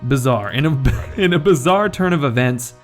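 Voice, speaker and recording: A man's voice: medium pitch, animated, moderate pace, soft background music. A young man giving casual, rambling game commentary, joking and self-deprecating as the host. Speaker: gaming video host.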